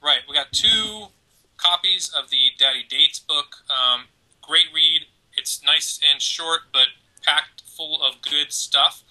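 Bright rambling male podcast host. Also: a little high, slow, rough recording. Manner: rambling, joking, many fillers and restarts. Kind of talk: casual chat, giving away prizes.

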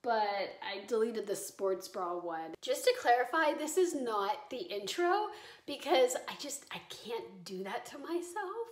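High-voiced chatty young woman vlogger. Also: poor audio. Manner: chatty, laughs often, many "like" fillers. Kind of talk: casual confessional vlog. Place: home during quarantine.

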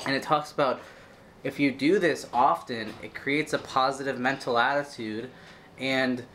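A man's voice: medium pitch, a bit bright, slight background noise. Upbeat man giving a casual pep talk. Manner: earnest, upbeat, rambling with fillers. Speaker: vlogger. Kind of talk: casual motivational vlog talk.

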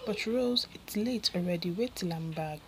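A Nigerian woman voicing Emma, a calm, patient young man who reassures the woman he loves. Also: lowish voice, moderate pace, gravelly, noisy background. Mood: caring.

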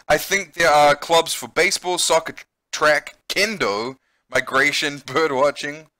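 A man's voice: fairly high pitch, moderate pace, pushed and bright, dry recording. A man with a New Zealand accent who teaches English, reading a visual novel aloud and chatting in a teacher's explaining way.

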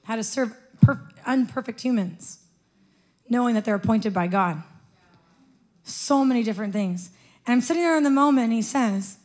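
Expressive high-voiced woman preaching. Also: moderate pace. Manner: animated storytelling, often laughing. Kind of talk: sermon. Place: church.

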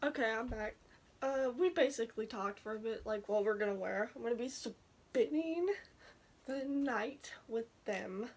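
Woman, vlogger, casual chat, rambling, giggly, unhurried, a bit high-pitched. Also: a little hiss or hum.

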